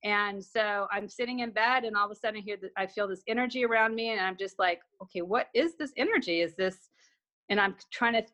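A woman's voice: medium pitch, brisk, bright, forceful tone. A woman guest telling a personal story in conversation, acting out remembered dialogue with frequent restarts.

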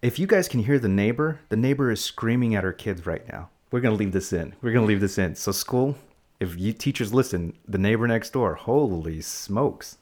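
Deep-voiced man rambling on a podcast. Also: expressive, a little fast, a little mellow. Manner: rambling, playful, explains facts to kids. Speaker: podcast host. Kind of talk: casual podcast chat.

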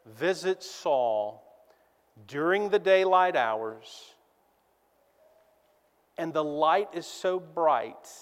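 A male pastor delivering a sermon in a slow, measured cadence, stressing key words through repetition. His voice sits a little high for a man, and it rings out with the long reverb of a church sanctuary. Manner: slow, deliberate preaching with emphatic repetition.

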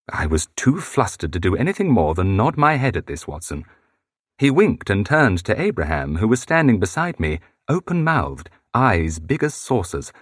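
A man's voice: big pitch swings, moderate pace, no room sound, clean studio sound. A man reading a historical novel aloud as an audiobook, shifting his voice for each character. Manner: shifts pitch to voice different characters. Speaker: audiobook narrator.

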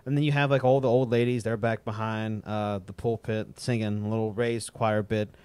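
A young man in casual podcast chat, rambling and animated, often imitating drum beats. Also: on the low side, moderate pace, clear, resonant tone, no echo.

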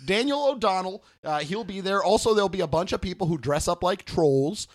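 A man chatting jokily on a comedy podcast, pausing with fillers. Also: high voice, lively intonation. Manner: joking, trailing fillers. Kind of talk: casual comedy podcast chat.

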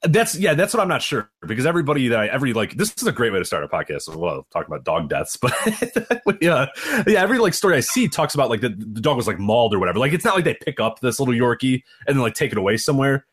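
A man's voice: mid-range voice, big pitch swings, quick pace, hardly any pauses, a bit bright, husky. A man with a Chicago accent, co-hosting a podcast in casual, rambling chat full of restarts. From Chicago area. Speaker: podcast co-host.

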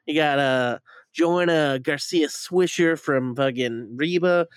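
A man's voice: a little high, takes it slowly, clear, resonant tone, no room sound. Rambling, profane man with a close, dry voice. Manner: rambling, profane, stumbling restarts. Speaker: podcast co-host reviewing a movie. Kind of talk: casual chat.

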